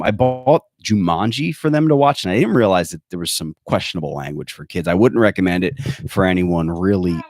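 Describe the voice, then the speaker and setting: A man's voice: sits low, no echo, clean studio sound. A man hosting a podcast in casual chat, rambling and joking, with lots of fillers and restarts. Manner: rambling, joking, self-correcting with many fillers. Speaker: podcast host.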